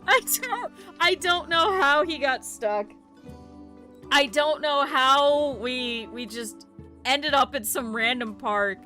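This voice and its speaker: A woman streamer telling stories in casual, animated, profane talk, laughing often. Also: sits high. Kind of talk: casual livestream storytelling.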